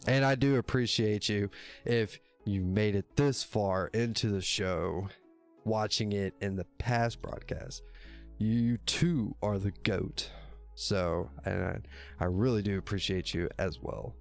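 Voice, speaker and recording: He speaks slowly with a fairly low pitch, fairly even intonation, and vocal fry, while soft music plays in the background. Using a desk mic for his own livestream show, he talks casually to viewers, rambling and self-correcting, cursing heavily, and laughing often.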